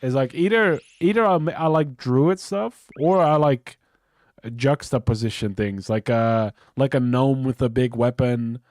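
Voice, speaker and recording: A man's voice: mid-range voice, measured pace, darkish tone, no echo, studio quality. A young man streaming a game, chatting casually with a stuffy nose, rambling and swearing often. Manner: rambling, swears a lot, restarts sentences. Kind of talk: casual live-stream chat.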